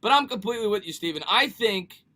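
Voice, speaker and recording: Male sports streamer, high and bright, excitable and repetitive, casual live chat. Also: fast talker. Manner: animated, repeats himself, reads viewer comments.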